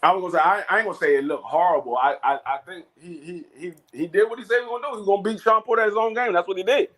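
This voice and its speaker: A man's voice: high voice, very fast, a bit bright. A man hosting a casual sports talk show, often restarting and repeating words before he gets his point out. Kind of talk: casual chat.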